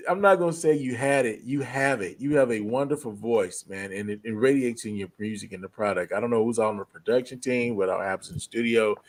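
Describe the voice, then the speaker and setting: A man co-hosting a radio interview, talking haltingly and pausing to search for words. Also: medium pitch. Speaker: co-host. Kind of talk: casual radio interview chat.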